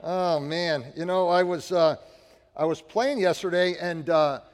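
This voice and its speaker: Guest preacher from Chicago, a high-voiced man, chatty storyteller, booming church reverb. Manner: chatty, self-deprecating storytelling, lively swings in loudness. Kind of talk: sermon opening with personal stories. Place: church sanctuary. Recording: long hall reverb.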